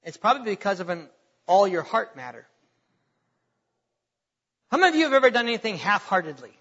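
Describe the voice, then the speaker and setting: A man's voice: sits high, sing-song, brisk, a bit bright. A man preaching a sermon, speaking emphatically, repeating words as he builds points and quoting scripture. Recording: long hall reverb, dull lo-fi sound.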